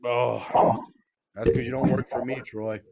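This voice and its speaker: Warm, creaky and unhurried, a Nebraska man co-hosts a boozy podcast at a medium pitch and level tone. The banter is crude and full of laughs, and he adopts goofy voices for quotes.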